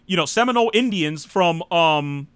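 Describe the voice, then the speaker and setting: A high-pitched American man hosting a live political talk show. His voice is bright and forward, recorded dry and close. He rambles casually, with many "you know"s and blunt asides. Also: expressive, normal speed, clean tone, dry recording. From United States. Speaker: host.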